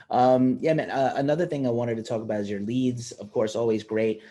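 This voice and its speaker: A man's voice: medium pitch, steady tone, fairly quick, hardly any pauses, dark tone. A man interviewing a guest in a casual, laid-back chat, enthusiastic about the music.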